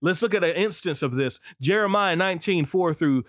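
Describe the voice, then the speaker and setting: A man preaching a podcast sermon in a preacher's cadence, breaking into sudden high whoops and exclamations. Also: fairly quick, no room sound, clean studio sound.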